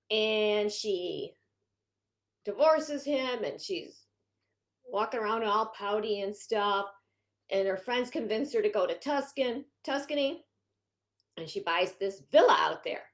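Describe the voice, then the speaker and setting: A woman's voice: mid-range voice, lively intonation, unhurried, long pauses. A woman who works as a home organizing consultant, talking to her viewers in a chatty, rambling way with frequent restarts. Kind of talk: casual vlog talk.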